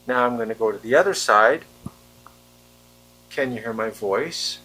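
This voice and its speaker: A man's voice: medium pitch, a little slow, pushed and bright, breathy edge, poor audio. A man reviewing a wireless microphone, asking the viewer plainly whether they can hear his voice and the fan. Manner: plain, asks the viewer questions. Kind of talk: product test vlog. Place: indoor room with a fan running. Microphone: wireless handheld mic being tested. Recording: faint fan hum.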